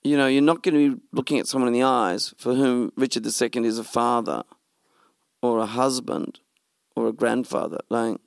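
A middle-aged man, a film director telling a lively story in an interview and acting out what others said. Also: medium pitch, moderate pace, gravelly, dry recording, clean studio sound. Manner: animated storytelling, acts out quoted speech. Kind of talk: interview conversation.

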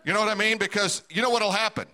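A man's voice: high voice, fast, bright, forceful tone. A middle-aged man preaching a sermon as a pastor, telling a personal story and asking the congregation direct questions.

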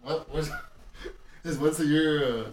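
A man's voice: on the high side, steady tone, slow. A man hosting a casual podcast, cutting in with jokes and teasing questions. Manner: joking, teasing interjections. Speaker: podcast host. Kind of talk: casual chat. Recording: distant mic in a roomy space with faint room noise.

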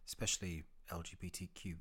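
Podcast host, male, very low pitch, rambling and chatty delivery. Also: level tone, quick pace, pushed and bright, husky. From United Kingdom. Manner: rambling and chatty, with frequent fillers and restarts. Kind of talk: casual solo podcast recommendations.

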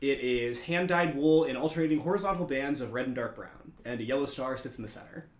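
A man's voice: medium pitch, fast talker, echoey room. A man playing in a tabletop game, describing his character's gift at easy length. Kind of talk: casual tabletop game chat.

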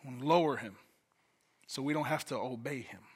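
A man's voice: mid-range voice, fairly quick, slightly rough. A man from Detroit preaching a sermon as a guest pastor, in a conversational way, often repeating words as he starts a thought. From Detroit, USA.

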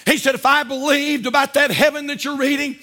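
A pastor preaching a fervent sermon to his church, moving from shouted calls down to low, quiet asides. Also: steady tone, a little fast. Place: church sanctuary.

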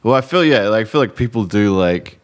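A man's voice: fairly low pitch, lively intonation, a little fast. An Australian man, a guest comedian and singer, chatting casually on a podcast with a slightly slurred voice, wandering off on tangents. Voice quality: slurry speaking voice. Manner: rambling, goes off on tangents.

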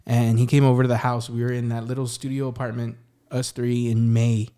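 A man's voice: mid-range voice, flat delivery, brisk, warm tone, clear, resonant tone. A young man from San Antonio, Texas, a singer-songwriter guest telling a story in a rambling way, full of "like" and "you know". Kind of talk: casual storytelling.

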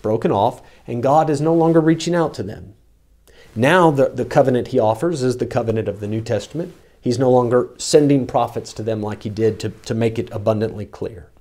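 A man preaching an expository sermon, reading scripture slowly and repeating words for emphasis. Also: mid-range voice, mellow.

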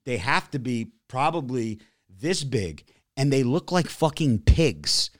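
A man's voice: mid-range voice, animated, measured pace, no room sound. Profane rambling man, dry close mic. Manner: profane, rambling storytelling with many restarts. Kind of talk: casual chat.

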